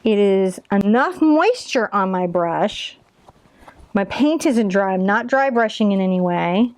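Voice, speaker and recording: A woman's voice: mid-range voice, expressive, measured pace, darkish tone, no echo. A woman teaching a step-by-step painting tutorial, chatty and encouraging as she talks through each brush stroke.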